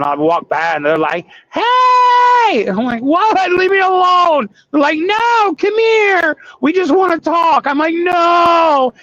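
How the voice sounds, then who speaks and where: A man's voice: on the high side, vocal fry, fairly bright tone, dull audio, slight background noise. A man who drives trucks, talking candidly and hesitantly with viewers on a livestream from his cab. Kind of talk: casual livestream chat while driving.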